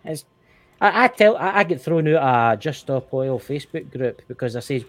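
A Scottish man co-hosting a casual podcast chat, animated and swearing, repeating himself when worked up. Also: mid-range voice, normal speed, no room sound. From Scotland. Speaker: co-host.

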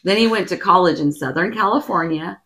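Speaking a little fast in a low-ish, slightly bright voice, this podcast co-host tells a story in casual chat. She giggles a lot and attempts silly accents.

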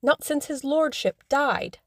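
A woman's voice: high voice, expressive, slow, gravelly, no room sound, studio quality, voice pushed up, full character voice. A woman reading an audiobook, voicing a fussy elderly housekeeper who frets and scolds. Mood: fussing. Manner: fretful, scolding.

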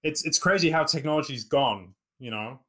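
A man's voice: fairly high pitch, animated, moderate pace, a bit bright. Rambling young man raised in New Zealand. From England, raised in New Zealand. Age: 20s. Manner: rambling, lots of fillers and restarts. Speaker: podcast host. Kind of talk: casual chat.

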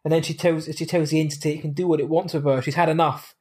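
A man's voice: fairly high pitch, level tone, quick pace, darkish tone, slightly rough. A man co-hosting a podcast, rambling through a film's plot with wry asides. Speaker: podcast co-host. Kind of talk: casual film review chat.

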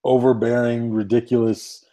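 A man chats casually, making measured, wry comments. His voice is dark and mellow, with a middle pitch. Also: little pitch movement. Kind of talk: casual chat.

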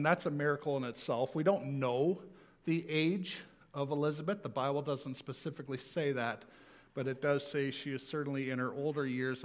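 A man preaching a sermon in a conversational, animated way, slowing down to stress key words. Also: mid-range voice. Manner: conversational, animated, slows for emphasis.

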